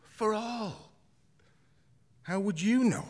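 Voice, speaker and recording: A man voicing an earnest young woman from a choir, with a bright, questioning, raised voice. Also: sits high, drawn-out words, voice pushed up, heavily acted. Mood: probing.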